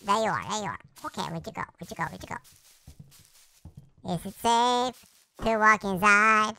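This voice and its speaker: A performer voicing a cartoon chipmunk character who gives playful, taunting gameplay commentary through a sped-up chipmunk pitch effect. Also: unhurried, bright, forceful tone, smooth. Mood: excitable. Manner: chatty, taunting, sing-song, silly exclamations. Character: hyper cartoon chipmunk gamer, squeaky and excitable. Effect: sped-up chipmunk pitch shift. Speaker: let's play host.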